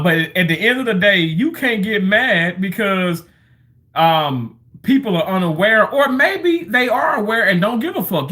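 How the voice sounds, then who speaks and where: A man in his thirties or forties talks through a loose, rambling livestream monologue, chatting and telling stories as he goes. His voice sits a little on the high side, and he swears casually in the middle of his sentences. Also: sharp tone.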